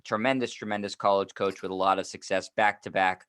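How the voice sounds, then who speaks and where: Man, low voice, podcast co-host, casual sports chat, wry, joking asides. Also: fairly even intonation, a little fast, fairly bright tone, clear, resonant tone.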